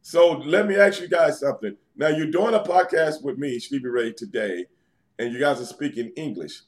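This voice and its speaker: A man from New York City talks as a podcast guest, easygoing and teasing as he throws questions back at his hosts. His voice is a touch high for a man, though it often drops low and soft. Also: moderate pace. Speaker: guest, former pro wrestler. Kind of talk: casual podcast interview.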